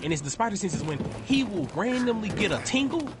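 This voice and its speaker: High, animated young man streamer. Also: quick pace, noisy background. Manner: animated, swearing, acts out voices in stories. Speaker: live streamer. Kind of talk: casual storytelling while gaming. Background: music.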